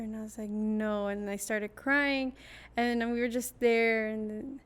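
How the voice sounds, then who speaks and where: A young woman with a fairly high voice hosts a casual podcast. She tells her memories in a chatty, flowing way, now and then slipping into the voices of the people she quotes. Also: fairly even intonation, a little slow, smooth. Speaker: podcast host.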